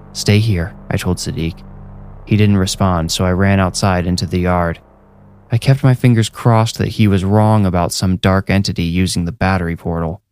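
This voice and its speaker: A man narrating a first-person horror story in a measured, steady storytelling delivery. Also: deep voice. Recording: clear music bed behind voice.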